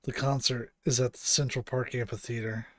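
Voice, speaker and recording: A man voicing a stern male police chief in a lowered, quiet, measured and solemn voice. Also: flat delivery, a little hiss or hum, natural voice.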